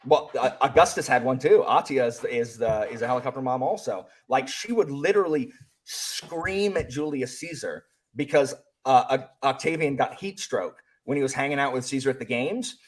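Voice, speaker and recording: A man hosting a casual book club chat, rambling excitedly with lots of fillers and restarts. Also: medium pitch, normal speed. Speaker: book channel host.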